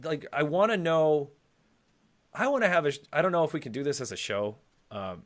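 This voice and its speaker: Rambling, animated man in casual chat. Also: on the high side, fairly quick. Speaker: co-host.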